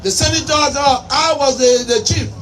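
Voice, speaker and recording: A woman with a Liberian English accent giving a fiery campaign speech, shouting and firing off repeated rhetorical questions. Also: sits high, normal speed. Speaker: politician. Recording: distant mic with faint crowd and noise.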